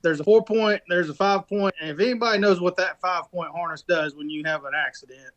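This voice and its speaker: A man's voice: high-pitched, fast, a bit bright, dull audio. A man co-hosting a casual podcast, retelling a race crash in a rambling way full of restarts and fillers. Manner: rambling storytelling with many restarts. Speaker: podcast co-host and rock racer.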